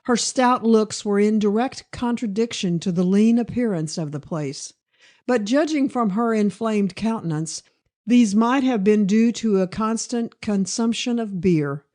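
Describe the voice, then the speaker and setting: A woman narrating a classic crime novel in a measured, even storytelling manner. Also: medium pitch. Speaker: audiobook narrator. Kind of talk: scripted narration.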